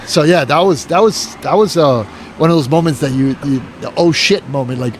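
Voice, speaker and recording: A man's voice: fairly high pitch, fairly quick, hardly any pauses, a little hiss or hum. A man telling a long story in a casual podcast chat, rambling, swearing and restarting his sentences. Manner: rambling, profane, full of "you know" and restarts.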